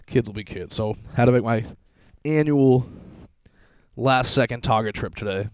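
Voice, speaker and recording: A man's voice: medium pitch, normal speed, clear, resonant tone, dry recording. A man in his thirties hosting a solo podcast from his basement, rambling through stories in a profane, self-mocking way. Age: 30s. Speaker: podcast host. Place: basement at home.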